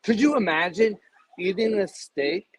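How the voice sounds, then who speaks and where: A man in his fifties, a guest in a casual interview, talking in an emphatic, salesy pitching way. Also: unhurried, low-quality recording. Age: 50s.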